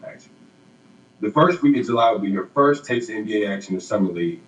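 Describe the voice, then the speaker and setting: A man's voice: on the low side, animated, quick pace, roomy sound, dull audio. A man interviewing a young athlete and reading upbeat questions from a script.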